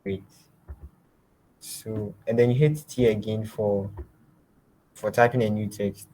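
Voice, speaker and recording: A man teaching a design lab, giving step-by-step software instructions and often trailing off quietly. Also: on the low side, steady tone, takes it slowly, slight background noise, poor audio. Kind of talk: screen-share software tutorial.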